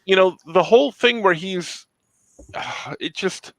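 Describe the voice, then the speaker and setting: A man's voice: high voice, expressive, slow, a bit bright, dry recording, low-quality recording. A man co-hosting a podcast, frustrated, often restarting his sentences with stammers in casual chat. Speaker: podcast co-host.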